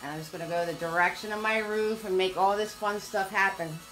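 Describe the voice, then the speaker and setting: A woman's voice: medium pitch, fairly even intonation, fairly quick, fairly bright tone, soft background music. An older woman giving a live painting lesson, upbeat, chatty and encouraging. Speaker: painting instructor.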